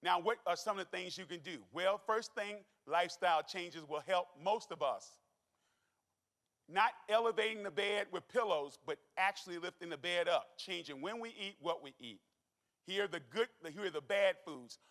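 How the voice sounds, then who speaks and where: Animated man, folksy doctor. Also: high voice, moderate pace. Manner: folksy, animated, joking with the crowd. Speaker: doctor giving a health talk. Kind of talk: lively onstage health talk to an audience. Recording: long hall reverb.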